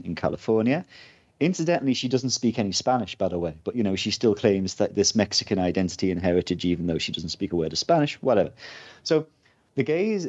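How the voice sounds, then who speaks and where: A man's voice: fairly low pitch, darkish tone, dull audio. A man from Britain talking casually as a guest, rambling with many fillers and asides. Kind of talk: casual conversation.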